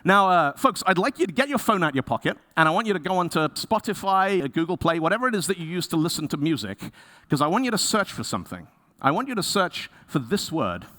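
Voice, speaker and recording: A man giving a conference talk, telling stories in a lively way and acting out the people he quotes. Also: high-pitched, fast talker. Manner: lively storyteller, acts out quoted voices. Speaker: conference speaker. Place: conference stage.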